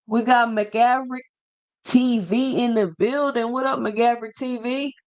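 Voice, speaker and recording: A man's voice: extremely high pitch, steady tone, a little slow. A man hosting a boxing livestream, talking casually and slangily straight to his chat and reading out viewer comments.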